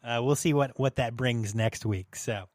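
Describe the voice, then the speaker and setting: A man's voice: medium pitch, unhurried, dry recording, studio quality. A young man hosting a casual podcast, talking loosely and laughing often, with a lot of swearing. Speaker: podcast host.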